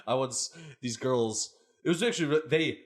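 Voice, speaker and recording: A man's voice: medium pitch, normal speed. A man comedian in casual podcast chat, joking and breaking into laughs. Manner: lively, jokey, trails off into laughs.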